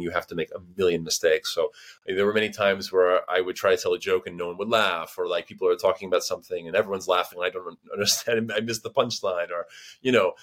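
A man from the United States in his thirties, a guest on a casual interview, speaks in a fairly low voice. He tells stories in an animated way, full of fillers and restarts, and acts out other people's voices. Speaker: guest linguist.

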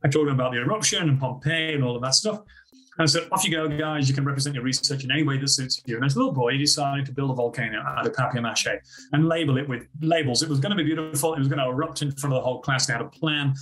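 A man with an Australian accent, a school principal telling lively stories as a podcast guest. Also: medium pitch, racing, rough recording. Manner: animated anecdotes with acted-out quotes. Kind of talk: casual interview storytelling.

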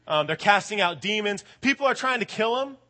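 High-voiced young preacher, animated. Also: male voice, brisk. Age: late 20s. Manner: animated, colloquial, keeps asking "right?". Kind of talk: sermon.

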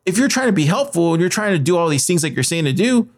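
A man's voice: high voice, very animated, quick pace. Profane, heated male podcast host. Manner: profane, heated, retells dialogue in quoted voices. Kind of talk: casual storytelling rant.

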